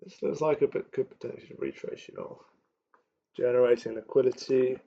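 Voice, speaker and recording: A young man talks to himself as he trades on a live stream, drifting between quiet muttering and chatty asides. His mid-pitched voice has a gravelly fry to it. The recording sounds dull and lo-fi. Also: steady tone, fairly quick. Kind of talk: thinking aloud while trading.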